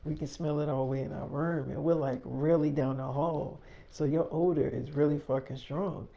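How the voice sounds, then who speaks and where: A man's voice: on the high side, steady tone, moderate pace, creaky, dark tone. Man voicing a blunt, swearing young woman. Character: brash rich young woman, blunt girlfriend.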